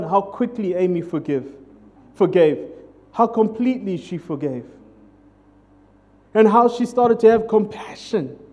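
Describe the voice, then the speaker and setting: A man's voice: sits high, a little mellow, lo-fi sound. A man preaching a sermon as pastor, in a conversational, jokey way, often putting questions to the congregation.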